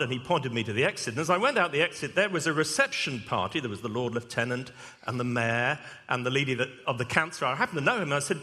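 Lively preacher in a reverberant hall. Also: male voice, mid-range voice, fast talker. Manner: storytelling, lively and humorous. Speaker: vicar, preacher. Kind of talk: sermon with anecdote.

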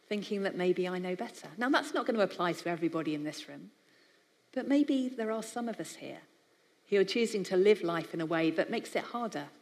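Woman, from the UK, conversational sermon, live audience, long hall reverb. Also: lowish voice. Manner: warm conversational preaching with acted-out voices. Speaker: speaker for a biblical counselling charity.

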